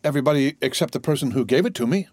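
A man's voice: mid-range voice, rapid-fire, a little mellow, no echo, clean studio sound, voice pushed up, close to an everyday voice. A man voicing an earnest young sailor held as a prisoner, speaking in an eager, pleading way in a raised voice. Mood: anxious. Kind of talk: audiobook character voice.

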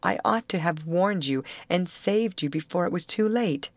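A woman's voice: lowish voice, lively intonation, normal speed, dry recording. A woman voicing a frail, frightened young woman who speaks in a vacant, sorrowful, pleading way. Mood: remorseful.

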